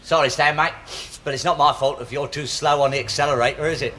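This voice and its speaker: An actor playing a sheepish, stammering young bus conductor in a sitcom. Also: male voice, a little high, fairly even intonation, quick pace, close to an everyday voice. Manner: stammering, hesitant. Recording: background hiss.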